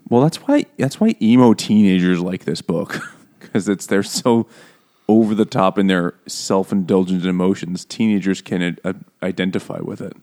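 Low-voiced man, joking podcast co-host, quick to laugh, casual book talk. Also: warm tone. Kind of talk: casual book-club chat.

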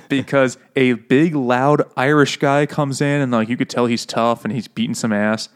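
A man's voice: mid-range voice, steady tone, measured pace. A man hosting a casual book chat over beers, who laughs often and talks in a loose, profane way. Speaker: podcast host.

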